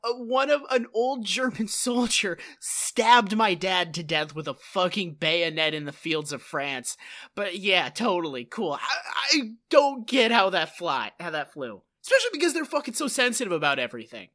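Laughing, bright woman co-host. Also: medium pitch, big pitch swings, moderate pace. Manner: laughs often, profane, slips into mock accents. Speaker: podcast co-host. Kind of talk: casual comedic chat.

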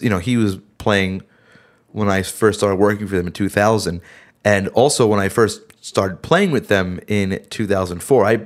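A middle-aged man hosting a casual podcast, rambling and interrupting himself as he tells band stories, a little worn from being sick. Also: lowish voice. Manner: rambling, self-interrupting storyteller. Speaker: band member and podcast host. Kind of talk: casual chat.

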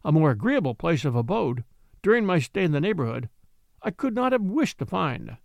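A man reads a classic novel aloud with measured, expressive storytelling. His fairly high voice moves up and down a great deal, and the sound is dry and close. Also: vocal fry, no echo. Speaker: audiobook reader.

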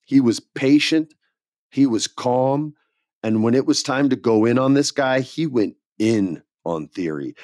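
A middle-aged man co-hosting a podcast, telling stories with excitement and casual slang. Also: mid-range voice, a little slow, no echo, clean studio sound. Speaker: podcast co-host. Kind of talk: casual wrestling chat.

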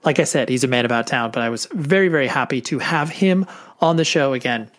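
A man's voice: medium pitch, fast talker, fairly bright tone. A man hosting a podcast, giving a chatty, upbeat introduction and repeating words for emphasis. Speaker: podcast host.

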